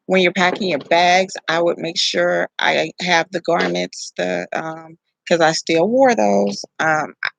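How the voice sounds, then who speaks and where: A young adult woman, telling a personal story to camera in a candid, profane, animated way. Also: lowish voice, vocal fry, no echo, low-quality recording. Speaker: vlogger.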